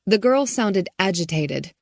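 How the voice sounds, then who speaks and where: A woman narrating an audiobook thriller in a measured, calm way. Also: mid-range voice, no room sound, clean studio sound. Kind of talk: scripted narration.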